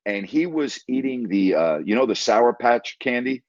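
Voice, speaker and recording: A man's voice: medium pitch, expressive, moderate pace, dry recording. A man and former team broadcaster telling a story in a casual interview, talking emphatically and retelling conversations line by line. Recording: dry, slightly dull audio.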